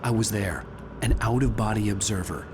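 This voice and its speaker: A man's voice: on the low side, moderate pace, noisy background, natural voice. An actor playing a haunted male novelist, narrating in a grave, reflective way over game music. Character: haunted male novelist searching for his lost wife. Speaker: narrator and lead character. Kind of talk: video game voice acting.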